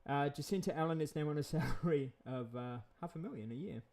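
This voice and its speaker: A man's voice: a little high, animated, quick pace, a little mellow. A man, chatting in a rambling vlog monologue, repeating himself and chuckling often. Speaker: vlogger.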